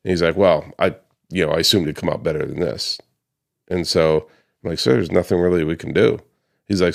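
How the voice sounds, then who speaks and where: A man's voice: low voice, a little fast, gravelly. A man who runs a paver restoration business, casually recounting a client dispute, slipping into the voices of the people he quotes, with plenty of ums and restarts. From United States. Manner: conversational, acts out quoted customers, frequent ums and restarts. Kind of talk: casual storytelling to camera.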